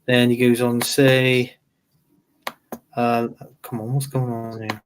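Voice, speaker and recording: Over background noise, a man with a mid-range, fairly flat voice hosts a football live stream at a slow pace. He reads viewer comments aloud in a chatty manner, laughing often and repeating phrases.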